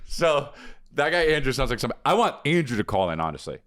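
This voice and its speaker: A man's voice: mid-range voice, very animated, quick pace, a bit bright. Rambling, jokey man co-hosting. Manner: rambling, loose, jokey, with frequent "dude". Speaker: podcast co-host. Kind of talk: casual chat with a host-read ad.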